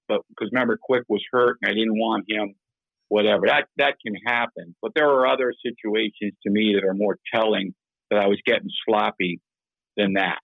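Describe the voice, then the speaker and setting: Older male interview guest, gravelly, halting, self-critical, on a dull lo-fi line. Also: fairly low pitch, steady tone, no echo. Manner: halting, repeats words, plain-spoken and self-critical. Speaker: interview guest, former hockey general manager. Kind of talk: candid interview over a call-in line.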